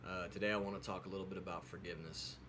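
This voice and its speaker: A man's voice: deep voice, fairly even intonation, very fast, fairly bright tone, slight background noise. A man telling a folksy story in a casual, rambling way with many fillers, then closing with an earnest preaching tone. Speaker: video host telling a devotional story. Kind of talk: casual storytelling with a sermon close.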